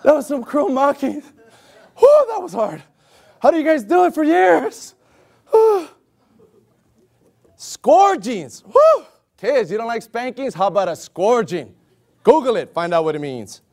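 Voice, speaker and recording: A man preaching an animated sermon, exclaiming loudly and acting out the voices of the people in his stories. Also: very high voice, a little slow, creaky, pauses often. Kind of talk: animated sermon with acted-out scenes.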